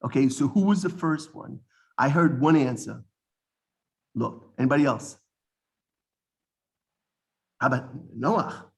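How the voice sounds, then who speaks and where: A man teaching a class, with a gravelly voice at a middle pitch. He explains each point and then quizzes the students, drifting into asides and fixing his own wording as he goes. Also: animated, measured pace, long pauses. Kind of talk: classroom lesson.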